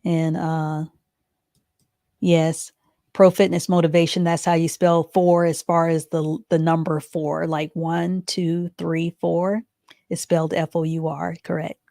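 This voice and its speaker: Teacher type: unhurried woman, mellow lowish voice, patient, spells each letter out for beginners. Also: little pitch movement, vocal fry, no room sound, clean studio sound. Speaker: reading teacher. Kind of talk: live online reading lesson.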